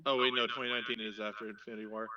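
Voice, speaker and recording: A man's voice: on the low side, little pitch movement, very fast, bright, forceful tone. A man rambling and thinking aloud in casual chat, swearing now and then. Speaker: co-host. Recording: dull lo-fi mic.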